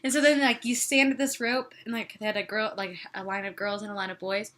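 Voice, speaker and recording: Young woman, bubbly vlogger, bright tone, giggles, whispered asides. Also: medium pitch, steady tone, brisk. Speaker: summer youth missionary. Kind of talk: casual chat.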